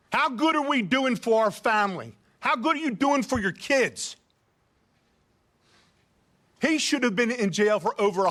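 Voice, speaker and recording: A man's voice: high-pitched, a bit bright. A father testifying at a legislative hearing, firing off pointed, indignant questions. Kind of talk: public testimony.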